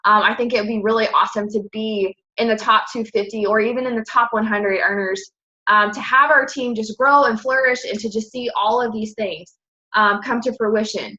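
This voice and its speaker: A young woman in her twenties talks her team through a casual presentation, upbeat and chatty, often pausing on fillers and correcting herself. Her voice is fairly high and very bright. The recording sounds a little dull and lo-fi. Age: 20s.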